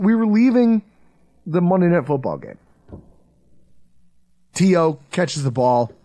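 A man hosting a sports podcast, telling stories in a lively, swearing, casual way. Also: no room sound. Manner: animated, storytelling, swings between low intensity and loud outbursts. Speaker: podcast host.

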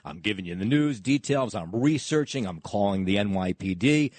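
A male news anchor banters with his co-host, wry and quick to laugh. His pitch moves a lot, and the studio sound is dry and close. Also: expressive, no echo. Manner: laughing, wry, good-natured. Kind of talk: casual on-air banter.

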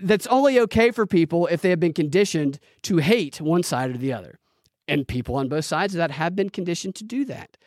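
A man talks close to the mic in a dry, deadened space, his voice sitting a touch higher than most men's. He hosts a live political podcast and rants in a heated, profane, rambling way, with restarts and bursts of laughter. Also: no room sound. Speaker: podcast host. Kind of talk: live-streamed political commentary rant.

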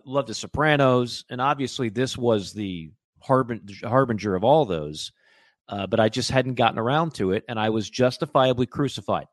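A chatty man co-hosting a sports talk show, with a middle-pitched voice. He pokes fun at himself in loose banter. The sound is dry and close. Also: no room sound. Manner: chatty, self-deprecating. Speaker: radio show co-host.

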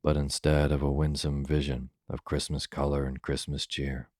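A man reads a classic holiday tale for listeners drifting off to sleep. His voice is extremely deep and flat. The sound is close and dry, with no room around it. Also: dry recording. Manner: calm, soothing, unhurried. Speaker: storyteller. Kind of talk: slow bedtime story reading.

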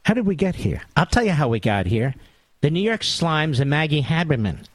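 A man's voice: a little high, big pitch swings, fairly quick, no echo. A man hosting a talk radio monologue, sarcastic and mocking, with big theatrical swings in tone.

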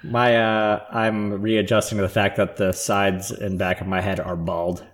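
A man's voice: fairly low pitch, little pitch movement, a little slow. A man in his thirties on a podcast panel, sarcastic and swearing a lot in casual banter. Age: 30s. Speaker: podcast co-host.

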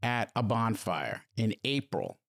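A middle-aged man telling a story as a podcast guest, halting and repeating words as he goes. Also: fairly low pitch, big pitch swings, gravelly. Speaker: podcast guest, host's stepfather. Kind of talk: casual storytelling.

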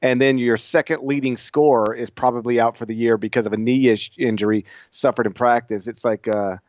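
A man's voice: mid-range voice, fairly even intonation, brisk, darkish tone, no echo. A middle-aged man co-hosting a casual sports podcast, teasing his partner and rambling through stories. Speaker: podcast co-host. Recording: dull lo-fi sound.

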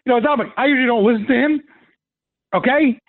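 A man calling into a talk radio show, excited and gushing with praise. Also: extremely high pitch, fast talker, no room sound. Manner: excited, gushing, laughs easily. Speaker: caller. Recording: tinny phone line.

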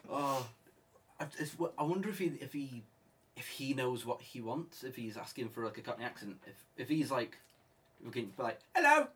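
A man's voice: mid-range voice, normal speed. A young man chatting casually, rambling and restarting his sentences. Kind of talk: casual chat. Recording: distant mic with faint noise.

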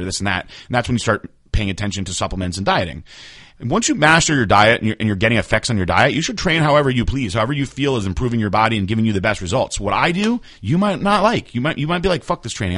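Young male podcast host, quick bright delivery, dry close sound, animated storyteller. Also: on the low side, no echo. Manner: fast, animated storyteller who acts out quotes with laughs. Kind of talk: casual chat.

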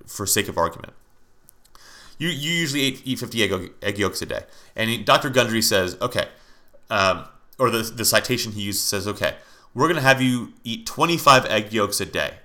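A man's voice: mid-range voice, sharp tone. A man hosting his own podcast, talking straight to listeners in a heated rant, with frequent restarts, repeats and swearing. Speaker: podcast host. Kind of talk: solo podcast commentary.

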